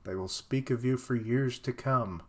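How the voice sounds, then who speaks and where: A man's voice: mid-range voice, measured pace, slightly rough. A man reading as a menacing warlord villain.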